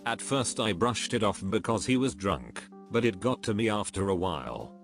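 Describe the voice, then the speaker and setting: Man narrator, lowish voice, flat scripted reading of stories, soft music underneath. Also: normal speed, gravelly. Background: faint background music.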